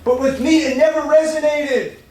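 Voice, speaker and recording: A man's voice: very high voice, steady tone, normal speed, darkish tone, pitched above the performer's own voice. A man playing an earnest young guest who tells of his hard upbringing, speaking with indignation, inside a sermon story. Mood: indignant. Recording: echoey room with faint background noise.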